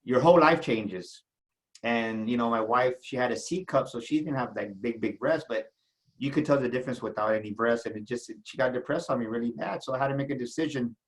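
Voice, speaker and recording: Telling a personal story as a guest in an interview, this South Texas entrepreneur in middle age stumbles and repeats himself when emotion takes hold. He has a mid-range voice, captured in a rough recording.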